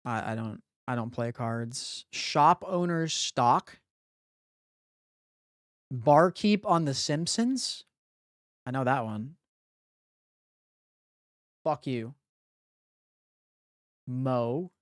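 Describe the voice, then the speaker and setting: Profane, slow-talking live streamer. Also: mid-range voice, animated, no room sound, studio quality. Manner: thinks aloud, blunt and profane banter with chat. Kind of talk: casual live-stream chat while solving word puzzles. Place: home streaming room.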